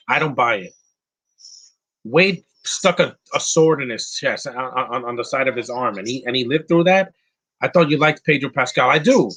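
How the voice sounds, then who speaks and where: Man, casual live movie commentary, bright forceful tone, blunt opinions, lots of restarts and fillers. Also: on the high side, slightly rough. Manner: frequent restarts and filler words.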